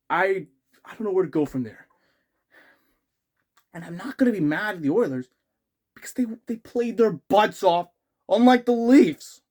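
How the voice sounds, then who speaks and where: High-voiced man on a rambling rant. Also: a little mellow. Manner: rambling, frustrated, many restarts. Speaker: hockey fan vlogger. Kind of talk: sports fan rant.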